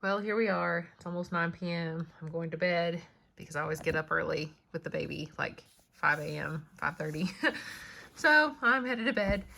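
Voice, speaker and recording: A woman's voice: lowish voice, gravelly, sharp tone. A young woman vlogging about her reading to camera in a casual, chatty way, tired and self-deprecating with light laughs. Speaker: book vlogger.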